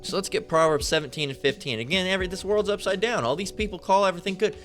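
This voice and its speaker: A man's voice: sits high, quick pace, a bit bright, soft background music. Profane rambling man preaching. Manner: rambling, repetitive, swears a lot. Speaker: religious commentator. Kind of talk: profane casual preaching rant.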